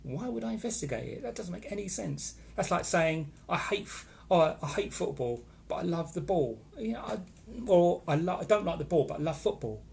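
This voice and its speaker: A man's voice: high voice, expressive, brisk, gravelly, a little mellow. A man hosting a casual live stream, chatting with opinions and greeting viewers by name as he reads their comments. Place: holiday location in Florida.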